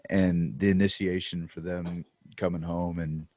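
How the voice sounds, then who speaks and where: A man's voice: sits low, level tone, unhurried, darkish tone, dry recording, lo-fi sound. A man co-hosting a podcast, telling laid-back stories in casual chat. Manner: laid-back storytelling, says "dude". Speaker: podcast co-host.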